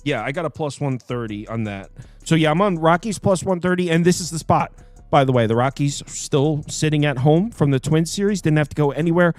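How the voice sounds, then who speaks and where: A man's voice: fairly high pitch, fairly quick, darkish tone, soft background music. A man hosting a live sports betting show, talking casually, rambling and correcting himself as he jokes with co-hosts. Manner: rambling, self-correcting, joking.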